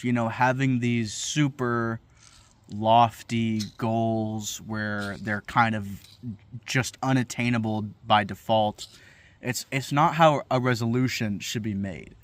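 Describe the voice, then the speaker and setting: A man's voice: medium pitch, steady tone, slow pace. A young man talking to camera in a profane, incredulous comedic rant, swearing freely as he riffs. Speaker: vlogger.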